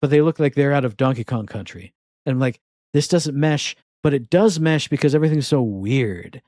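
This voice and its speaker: A man's voice: medium pitch, animated, brisk, a little mellow, no room sound. A man co-hosting a podcast, chatting wryly and presenting new game releases in a casual way. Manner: chatty, wry, self-deprecating. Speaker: podcast co-host.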